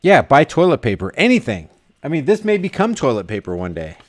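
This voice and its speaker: A man's voice: mid-range voice, huge pitch swings, fairly quick. A man vlogging casually, reading viewer comments aloud and rambling with frequent restarts and repeated words. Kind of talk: casual live chat.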